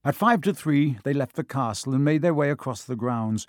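A man's voice: mid-range voice, normal speed, hardly any pauses, darkish tone, no room sound. Man narrating a storybook, dry sound. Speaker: audiobook narrator. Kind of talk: scripted narration.

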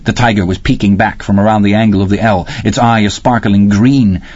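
A man narrating a story in a measured, even way. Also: fairly low pitch, breathy edge, dry recording, lo-fi sound. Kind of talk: audiobook narration.

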